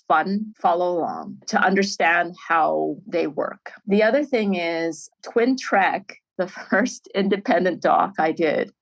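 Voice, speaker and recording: A middle-aged woman, a filmmaker guest on a podcast, telling stories in an animated way and laughing often. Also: lowish voice, low-quality recording. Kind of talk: storytelling in a podcast interview.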